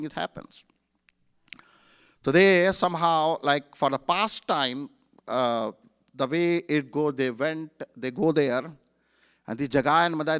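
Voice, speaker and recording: A man's voice: a little high, smooth. A man telling a sermon story at a temple, in a conversational way full of fillers. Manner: conversational, many fillers, animated retelling. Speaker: temple speaker. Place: temple hall.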